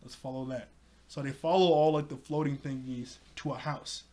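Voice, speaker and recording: A man casually recapping a cartoon episode in an excited, rambling way, full of fillers. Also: medium pitch, moderate pace. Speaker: TV episode reviewer.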